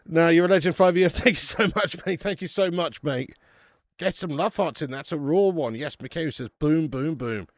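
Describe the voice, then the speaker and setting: A man's voice: on the high side, moderate pace, no room sound, studio quality. A man hosting a live football watch-along, chatty and laddish, swearing and calling viewers mate and lad. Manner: bursts out loud at match chances.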